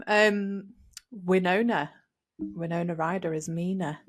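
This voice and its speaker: A woman with a somewhat low voice hosts a casual film review podcast. She talks in a chatty, animated way and laughs often. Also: unhurried. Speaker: podcast host.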